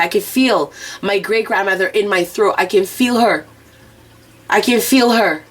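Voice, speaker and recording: A woman's voice: mid-range voice, moderate pace. A woman giving an intuitive oracle and rune reading outdoors, talking frankly and with plenty of swearing straight to the viewer. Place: outdoors near planes and traffic.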